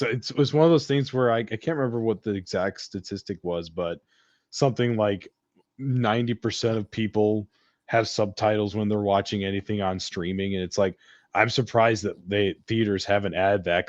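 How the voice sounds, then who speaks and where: A man's voice: on the low side, normal speed, no room sound. A man hosting a podcast, chatting casually and jokingly about movies and often restarting his sentences. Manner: chatty, jokey, trailing restarts. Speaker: podcast host. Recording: dull dry lo-fi sound.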